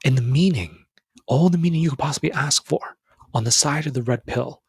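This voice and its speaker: A young man hosting a podcast, giving a casual, earnest motivational talk that addresses the listener as brother and jumps up in pitch when he stresses a point. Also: brisk, husky, no room sound. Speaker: podcast host. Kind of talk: motivational monologue.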